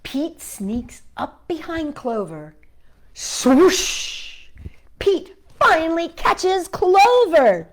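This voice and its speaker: A woman reading a picture book aloud to young children, gentle and animated, and she adds sound effects as she goes. Her voice is high and swoops up and down a lot. She takes her time over every line. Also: drawn-out words. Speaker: children's storyteller.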